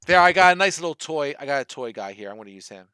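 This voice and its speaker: Bright, crisp-voiced Philly dungeon master. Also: male voice, on the high side, expressive, fast talker. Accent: Philadelphia. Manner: thinking aloud while reading rules. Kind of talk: running an online tabletop game.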